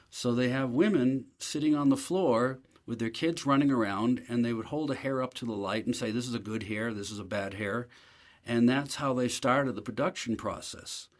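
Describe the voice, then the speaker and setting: Man telling a relaxed travel story. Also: mid-range voice. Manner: relaxed anecdotal, self-deprecating. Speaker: guest, professor. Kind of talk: storytelling interview.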